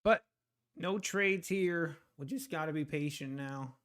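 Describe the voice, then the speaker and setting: Male streamer host, slow unhurried delivery, smooth clear voice, breathless, teasing chat banter. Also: fairly high pitch, fairly bright tone. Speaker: trading livestream host. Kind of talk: casual live-stream commentary. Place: home.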